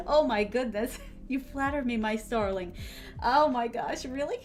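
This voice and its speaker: A woman's voice: a little high, big pitch swings, slow, pauses often, soft background music. A young woman streamer chatting casually with her viewers while she writes. She speaks with theatrical, refined diction and calls her audience "my starlings". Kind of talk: casual live-stream chat while writing.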